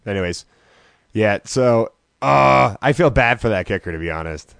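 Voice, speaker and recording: A man's voice: lowish voice, animated, normal speed, vocal fry, fairly bright tone, smooth, no room sound. A man co-hosting a casual podcast chat, talking loosely and profanely with many hesitations. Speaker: podcast co-host.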